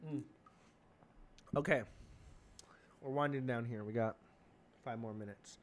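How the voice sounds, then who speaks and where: A young man hosting a comedy podcast, rambling through an excitable, profane monologue. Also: mid-range voice, unhurried.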